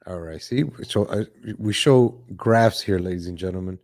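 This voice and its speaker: A man hosting a casual political commentary livestream, talking in a chatty, repetitive way, greeting viewers from the chat and often saying "ladies and gentlemen". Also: low voice, normal speed, no echo, clean studio sound. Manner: reads viewer chat names aloud. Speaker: livestream host.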